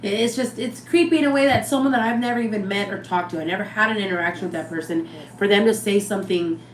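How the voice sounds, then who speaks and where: Young woman co-host, casual storyteller, animated and blunt, roomy sound with faint hiss. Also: mid-range voice, fast talker. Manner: animated, swears freely, acts out quoted speech. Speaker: podcast co-host. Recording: roomy with faint background noise.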